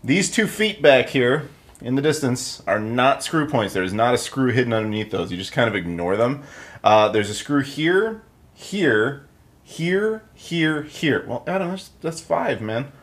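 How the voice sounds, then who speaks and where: A man's voice: mid-range voice, lively intonation, measured pace, fairly bright tone. A man hosting a casual how-to video, talking in a chatty, informal way with lots of asides. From United States. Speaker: YouTube host.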